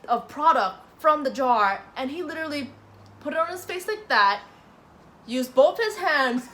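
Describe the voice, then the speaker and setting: A young woman who works as a cosmetics counter manager, telling a customer story in an expressive, incredulous way. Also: high-pitched. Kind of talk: casual storytelling chat.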